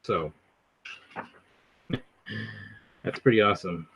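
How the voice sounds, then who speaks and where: On a livestream, a man chats casually and animatedly, rambling and jumping from topic to topic. His low voice is slow and slightly rough, heard through a dull lo-fi recording.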